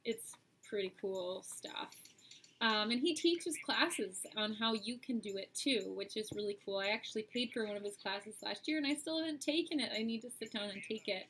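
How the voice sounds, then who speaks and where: A woman's voice: medium pitch, moderate pace, fairly bright tone, a little hiss or hum, poor audio. A woman hosting a live-streamed oracle card reading, chatting straight to her viewers with frequent "um"s.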